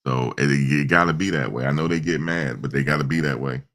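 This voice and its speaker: Brief: man, very low and gravelly voice, easygoing livestream host telling stories. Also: brisk, a bit bright. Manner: loose, storytelling, imitates his mother and himself in quotes. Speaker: show host. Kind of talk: casual livestream talk.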